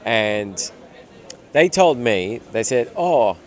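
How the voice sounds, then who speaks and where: A man's voice: on the low side, moderate pace. A man with an Australian accent, an actor answering interview questions in a reflective way, thinking aloud with fillers.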